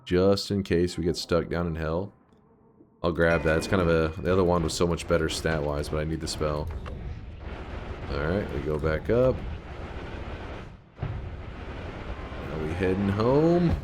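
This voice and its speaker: A man's voice: very deep voice, steady tone, normal speed, noisy background. A man giving casual gameplay commentary as a streamer, rambling, thinking aloud and answering chat.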